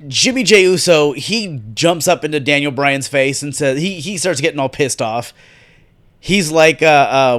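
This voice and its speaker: A man's voice: on the high side, a bit bright. A man hosting a solo wrestling recap podcast, talking casually with sarcastic, profane rants. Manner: sarcastic, profane, ranting asides. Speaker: podcast host.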